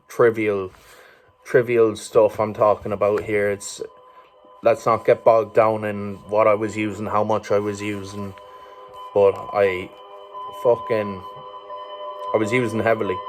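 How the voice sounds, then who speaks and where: An Irish man telling a personal story as a vlogger, rambling casually with swearing, fillers and chuckles. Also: lowish voice. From Ireland.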